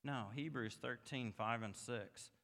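A male pastor delivers a sermon in a tense, bright voice. He moves between soft, reflective stretches and passionate, emphatic climbs. The sound carries the long reverb of a church sanctuary. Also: medium pitch, a little slow. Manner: builds from quiet reflection to emphatic, rising passages.

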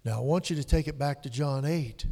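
A male pastor preaching a sermon, dropping to hushed whispers and rising to loud, emphatic peaks. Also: on the high side, a little fast. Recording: long hall reverb.

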